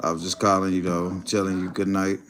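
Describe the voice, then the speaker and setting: Gravelly man rambling on a livestream. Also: sits low, level tone, a little fast, a bit bright. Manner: profane, rambling, laughing often. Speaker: livestream host. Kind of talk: casual livestream chat.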